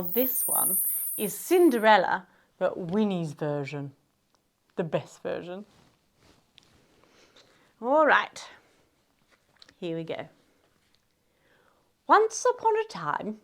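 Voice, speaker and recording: A woman reading a silly fairytale aloud for kids in a garden, with playful asides to her young audience. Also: medium pitch. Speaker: children's storyteller. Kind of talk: read-aloud storytelling for kids. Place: outdoors in a garden.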